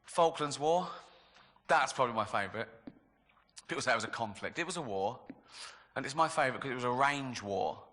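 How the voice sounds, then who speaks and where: A man's voice: medium pitch, lively intonation, a little fast, sharp tone, big-room sound. A man with an English accent doing a stand-up comedy set, dry and sardonic, chuckling at his own jokes. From England.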